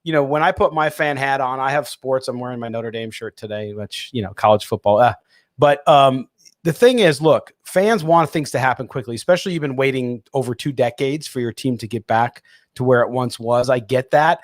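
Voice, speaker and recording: A man's voice: mid-range voice, a little fast, dry recording. Dry-miked man co-hosting sports radio. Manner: reads listener comments and answers them. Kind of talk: casual sports radio chat.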